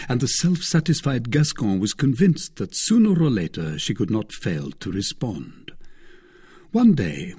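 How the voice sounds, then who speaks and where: A man narrating a classic novel as an audiobook, with an expressive, measured reading. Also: on the low side, breathy edge.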